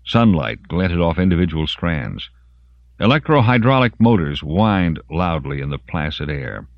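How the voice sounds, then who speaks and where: A man narrating an audiobook in an expressive storytelling manner. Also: low voice, a little slow, no room sound. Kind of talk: scripted narration. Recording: dry, muffled lo-fi audiobook.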